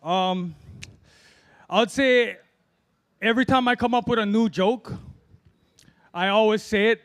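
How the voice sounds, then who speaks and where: A man from Hawaii with a fairly high voice works through an open-mic stand-up set. He rambles, fills gaps with ums and long pauses, and sounds middle-aged. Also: a bit bright, clear, resonant tone. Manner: rambling storytelling with fillers and drawn-out pauses. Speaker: amateur stand-up comic.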